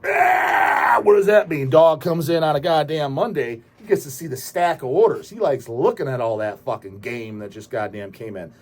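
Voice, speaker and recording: A man hosting his own channel, delivering a brash, profane rant full of emphatic swearing and sudden loud bursts. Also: a little high, normal speed, few pauses. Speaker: channel host. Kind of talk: profane ranting monologue.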